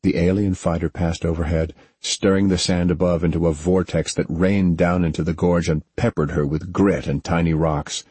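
A man reads a story in a steady, measured way. His voice sits very low and has a husky grain. The recording is dry, with no room sound. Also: no echo. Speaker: audiobook narrator. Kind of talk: scripted narration.

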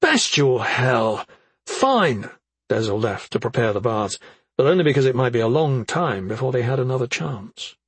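A man narrating a fantasy audiobook in a steady, even storytelling manner. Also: medium pitch, fairly quick, slightly rough, no room sound. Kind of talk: scripted narration.

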